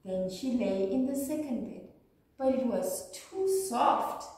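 Teacher lady reading a kids story, slow and sing-songy, echoey room, bit far from mic. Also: fairly high pitch. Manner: slow, animated, expressive reading. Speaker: early years teacher. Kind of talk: storybook read-aloud for young children.

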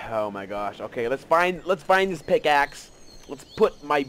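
An excitable man narrating his gameplay in a casual, rambling way, gasping at discoveries and poking fun at himself. His voice sits fairly high and swings widely in pitch. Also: a little slow, a little hiss or hum. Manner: excitable, rambling, gasps and self-mocking asides. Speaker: let's play gamer.

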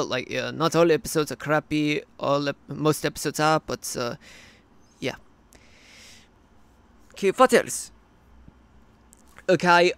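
Man playing a filler-heavy Australian cartoon interviewee, slightly high and smooth, for a hobby cartoon. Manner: rambling, full of fillers. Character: rambling male cartoon interviewee, adult.

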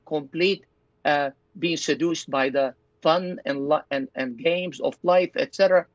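With a slightly high voice, an elderly Lebanese pastor-physician relates his personal testimony to an interviewer. Earnest in tone, he dramatizes the thoughts he once had, all in a dull, dry, low-fidelity recording.

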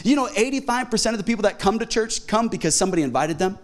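A middle-aged male pastor preaches in a church auditorium with a notably high voice. He talks in an animated way and slips into quick voices for the people he quotes. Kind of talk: sermon.

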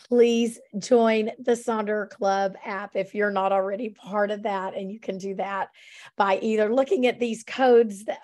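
A woman with a scratchy, strained voice hosts a casual online planning session at an unhurried pace. She talks in a friendly way, with ums and restarts, and her pitch sits in the middle of the usual range. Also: darkish tone. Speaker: host of a weekly planning session. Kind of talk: casual online workshop talk.

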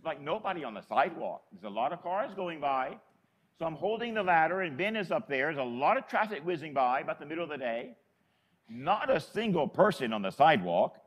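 A man's voice: a little high, dull audio. A man from Florida, a Catholic priest, telling a story in a sermon in a chatty, folksy way.

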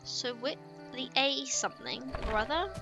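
A woman's voice: high-pitched, normal speed. A young woman streamer giving playful, chatty let's-play commentary, talking to herself and her chat. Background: game music.

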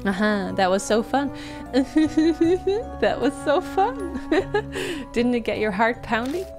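A small, cruel ghost girl, put on by a woman reading a game aloud, speaking in a high, gleeful singsong full of teasing lilts. Her lines carry a bright, childlike lift. Game music runs clearly underneath. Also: very animated, normal speed. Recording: game music playing behind.

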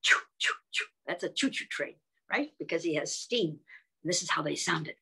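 A woman reading and singing to young children in a gentle voice, often asking them questions and clearing her throat. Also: low-pitched, lively intonation, normal speed. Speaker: children's storyteller.

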